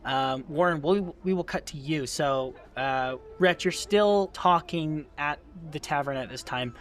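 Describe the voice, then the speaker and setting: Casual game master, higher voice. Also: male voice, a little slow, faint music behind. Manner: casual, filler-heavy narration. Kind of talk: narrating a tabletop game.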